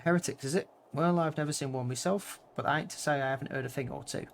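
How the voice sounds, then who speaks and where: A man putting on a chatty low-born soldier with a put-on rustic accent. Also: fast, vocal fry, slight background noise. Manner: chatty, drawling common speech. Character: low-born male soldier, folksy and candid.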